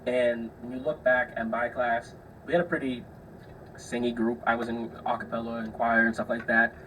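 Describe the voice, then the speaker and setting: A man's voice: mid-range voice, flat delivery, normal speed, fairly bright tone, far from the mic, a little hiss or hum, poor audio. A young man hosting a podcast, telling stories in a loose, chatty way, swearing freely and acting out the people he describes. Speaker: podcast host. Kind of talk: casual solo storytelling.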